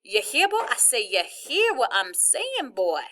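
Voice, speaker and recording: A woman reading a novel aloud, voicing a father who mocks a loud Southern drawl in a taunting, drawling way. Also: fairly high pitch, wildly swooping pitch, measured pace, a little hiss or hum, exaggerated voice. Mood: mock threatening. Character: grown man mocking a loud Southern drawl.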